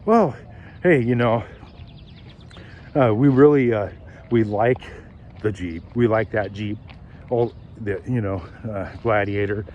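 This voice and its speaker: A man's voice: fairly low pitch, dull audio, a little hiss or hum. A man voicing a noncommittal male car buyer who hedges and halts with fillers. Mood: hesitant. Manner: halting, hedging with fillers.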